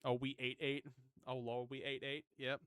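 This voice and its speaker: A man's voice: mid-range voice, level tone, normal speed, fairly bright tone, clear, resonant tone, no room sound, clean studio sound. A man hosting a game stream, chatting playfully and laughing often. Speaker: streamer host. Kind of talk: casual chat on a game stream.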